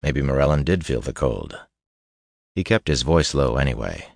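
A man narrating a fantasy novel in a measured, steady storytelling voice. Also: extremely low pitch, creaky, no room sound, clean studio sound. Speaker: audiobook narrator.

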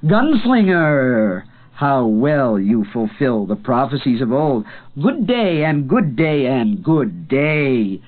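A man voicing a hooded prophet of doom who calls out slowly and mockingly. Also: sing-song. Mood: mocking grandeur. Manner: slow, booming, drawn-out mockery. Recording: tinny phone-like sound.

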